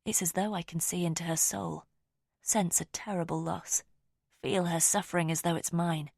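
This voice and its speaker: A woman narrating a first-person audiobook in a quiet, measured, intimate way. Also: on the low side, steady tone, creaky, breathy edge, dry recording, studio quality.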